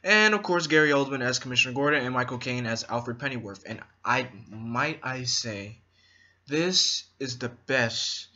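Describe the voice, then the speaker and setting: Excited man reviewing a movie, bright voice. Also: mid-range voice, moderate pace, highs cut off. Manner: enthusiastic, rambling. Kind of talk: casual movie review vlog.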